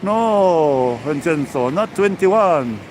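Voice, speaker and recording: An Englishman in his sixties live-streams a walk along a seaside promenade, chatting with viewers and greeting them by name. His voice is on the high side and a little mellow, with lively intonation and a slow pace, over slight background noise.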